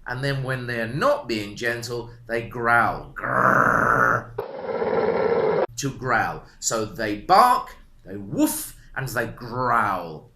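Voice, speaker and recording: A man teaching a beginner language lesson, speaking slowly with a lot of repetition and animated intonation. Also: medium pitch, background noise. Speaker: English teacher. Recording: roomy echo.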